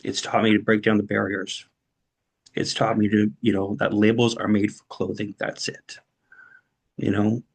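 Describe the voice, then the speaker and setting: A man on a discussion panel with a low voice and flat, even pitch. He shares his personal story haltingly and emotionally, leaning on "you know" as he goes. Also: vocal fry, husky, low-quality recording. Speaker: panel guest.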